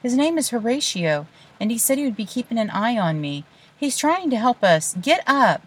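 A woman's voice: fairly low pitch, animated, moderate pace, breathy edge. A woman doing a bossy eleven-year-old girl. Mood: exasperated. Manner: earnest, pleading, bossy.

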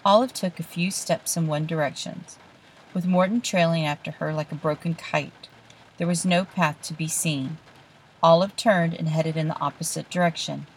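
A woman reads a children's story aloud in a hushed, suspenseful manner. Her voice sits on the lower side. A faint hiss runs under the recording. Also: poor audio. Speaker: narrator. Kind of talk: storybook reading.

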